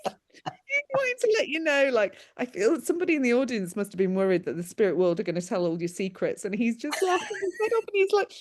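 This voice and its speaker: A woman working as a medium, giving a lively reading over a video call, laughing often and calling people "my darling". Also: medium pitch, fast talker. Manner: animated, laughs often, relays spirit messages with warm endearments.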